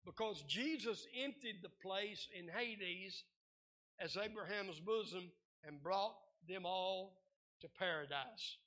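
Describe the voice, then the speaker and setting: A man's voice: high-pitched, takes it slowly, pushed and bright. A man with a Southern US accent preaching a fervent sermon as pastor, calling out hallelujahs and amens.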